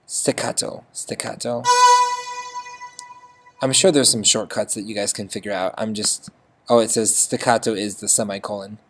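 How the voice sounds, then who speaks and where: Chatty music teacher doing a screen lesson, says okay a lot, sings little note bits, middle pitch, faint instrument music behind. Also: fairly even intonation, a little fast, a bit bright. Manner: chatty, checks in with frequent "okay?", sings notes. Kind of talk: screen-recorded notation lesson.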